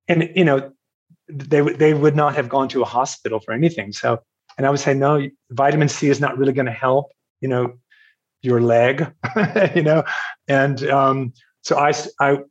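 A man from Virginia telling a personal story in a casual, halting way, with fillers and laughs. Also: mid-range voice, lo-fi sound. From Virginia, USA.

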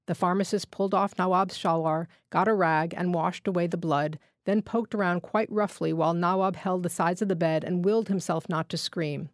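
Low-voiced woman reading literary fiction. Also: steady tone, brisk, hardly any pauses, dry recording, studio quality. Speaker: fiction reader.

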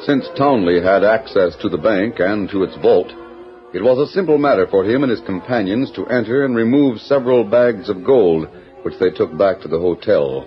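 Male narrator, measured scripted delivery, lowish voice, lo-fi 1940s broadcast. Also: faint music behind. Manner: measured storytelling. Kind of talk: scripted radio drama narration. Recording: dull 1940s radio broadcast.

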